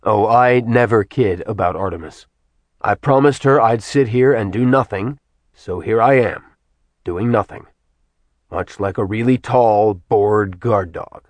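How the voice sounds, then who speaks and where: A man voicing a bored, wry immortal man who talks quietly and dryly in an audiobook reading. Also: on the low side, measured pace, dry recording, lightly acted. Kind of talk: audiobook character voice.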